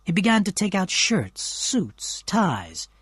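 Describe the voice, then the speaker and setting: A man's voice: high voice, wildly swooping pitch, takes it slowly, a bit bright, slightly rough, no room sound. Man narrating a storybook, dry sound. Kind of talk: scripted storybook narration for learners.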